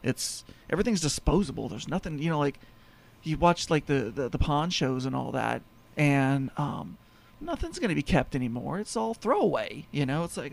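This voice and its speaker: A man's voice: on the high side, very animated, moderate pace, vocal fry. A man hosting a home-improvement talk show, telling stories in a rambling, casual way. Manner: rambling storyteller, lots of fillers. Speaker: home insulation business owner and show host. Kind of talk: casual radio chat.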